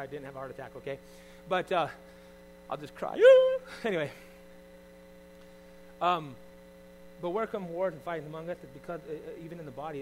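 A middle-aged pastor preaching, swinging from loud emphasis to quiet, confiding asides. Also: male voice, on the high side, background noise. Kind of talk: sermon.

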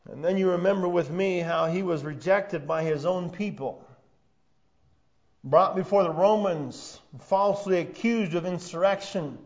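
A man preaching a sermon as pastor, building to loud emphatic peaks and then dropping low and quiet for weight. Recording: dull lo-fi sound.

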